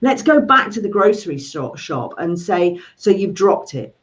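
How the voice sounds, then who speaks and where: A woman's voice: lowish voice, moderate pace. A middle-aged woman, a money coach chatting and telling stories, often acting out voices. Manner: animated storyteller, acts out voices. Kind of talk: casual video chat. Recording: dull lo-fi sound.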